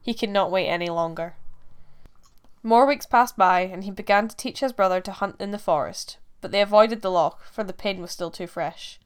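A woman reading a folk tale aloud in a measured, expressive storytelling manner. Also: mid-range voice, clean tone. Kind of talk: scripted narration.

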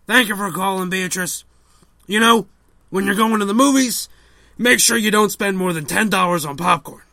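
A man doing an impression of an older male call-in radio host, slow and drawling, handing out random advice. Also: sits high, vocal fry, sharp tone, no echo, exaggerated voice. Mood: droning. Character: older male talk-show host, rambling. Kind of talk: comedic impression sketch.

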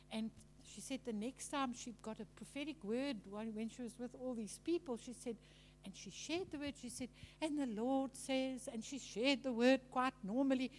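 High-voiced woman preacher. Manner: chatty, animated storytelling with mimicry. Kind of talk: teaching sermon.

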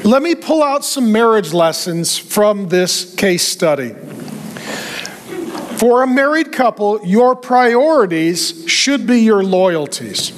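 A man preaching a sermon with animated delivery and joking asides. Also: high-pitched, slow pace, slight background noise. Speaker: pastor.

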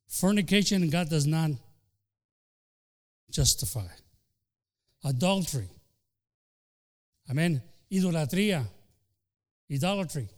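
A man delivers a fervent sermon from the pulpit in a slightly high voice. He swings from loud, declaiming lines to quiet, hushed ones and slips into other voices to act out quotes. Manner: fervent preaching with sudden shifts from loud to soft; acts out quoted voices, including the devil. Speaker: pastor. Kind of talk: bilingual sermon.

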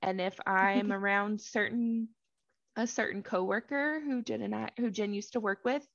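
A woman co-hosting a casual podcast who reads scripture passages slowly and deliberately, then slips into relaxed chat. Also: medium pitch, creaky, no echo. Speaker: podcast co-host and scripture reader. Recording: dry, slightly dull home mic.

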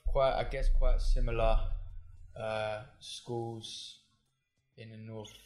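A man's voice: fairly low pitch, little pitch movement, takes it slowly. A man from north London, a podcast guest, telling stories in a rambling, hesitant way with many fillers. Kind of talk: casual interview chat. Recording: roomy echo.

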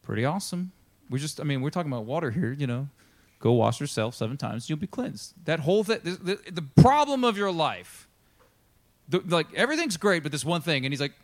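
A man's voice: fairly high pitch, big pitch swings, brisk. A man preaching a sermon as a pastor, telling Bible stories in a casual, chatty way and acting out the characters' lines. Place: church.

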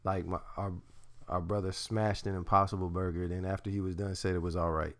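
A man's voice: low voice, little pitch movement, a little fast. A man co-hosting a casual podcast, joking. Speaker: podcast co-host. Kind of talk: casual chat.

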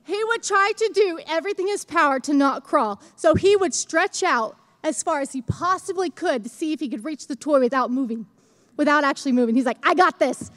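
A young woman preaching a sermon in a church, chatty and animated, acting out little stories as she goes. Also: high voice, brisk.

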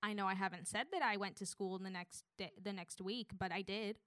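A woman's voice: mid-range voice, steady tone, brisk, fairly bright tone, smooth, no echo, studio quality. A young woman, a student, narrating a personal story in a wry tone. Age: young adult.

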